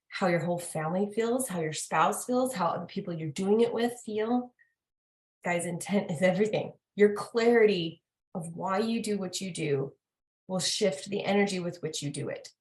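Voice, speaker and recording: A woman hosting a casual talk, chatting in an animated way and quizzing herself with repeated questions. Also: medium pitch. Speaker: host. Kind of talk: casual chat. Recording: roomy echo.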